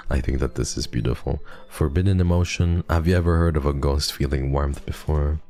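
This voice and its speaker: A young man streaming a game, speaking softly and affectionately to his chat. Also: extremely low pitch, steady tone, a little fast. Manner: soft, affectionate and emotional with chat. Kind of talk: emotional game playthrough with chat.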